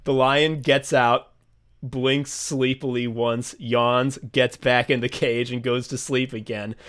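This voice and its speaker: A man co-hosting a podcast, chatting casually in an excitable, profane way and slipping into quick voices as he retells stories. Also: medium pitch, clear, resonant tone. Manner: excitable, profane, animated storytelling with quick voice switches. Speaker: podcast co-host. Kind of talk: casual comedic chat.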